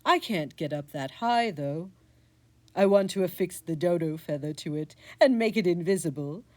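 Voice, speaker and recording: A huffy talking tomcat, played by a woman, complains dramatically about his grudge. His voice rises and falls lively. A storybook podcast creature. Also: on the low side, normal speed, lightly acted. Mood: scheming. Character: indignant vengeful male talking cat.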